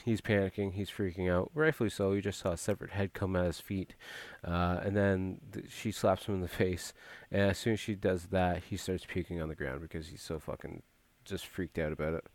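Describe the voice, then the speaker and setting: A man's voice: low voice, steady tone, brisk, dry recording. A man casually recapping a movie plot, rambling with frequent filler words and restarts.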